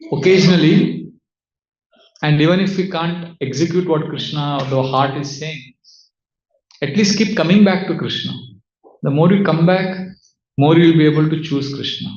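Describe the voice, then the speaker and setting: A man teaching as a spiritual speaker, giving a devotional talk with audience questions in a measured way, asking rhetorical questions and answering them himself. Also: on the high side, darkish tone. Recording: roomy, slightly dull sound.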